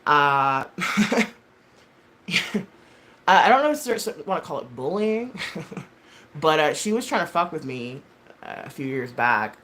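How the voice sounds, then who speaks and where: Slow and sing-song with long pauses, this woman's deep voice carries a fairly bright tone. She's in her thirties and hosting a live stream, rambling casually to viewers in a blunt, very profane way, full of filler words and self-corrections.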